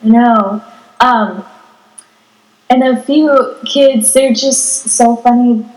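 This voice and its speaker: Slow-talking teenage girl, echoey room. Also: fairly high pitch, fairly even intonation. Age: teens. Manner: giggly, chatty, acts out quotes. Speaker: podcast co-host. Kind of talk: casual chat.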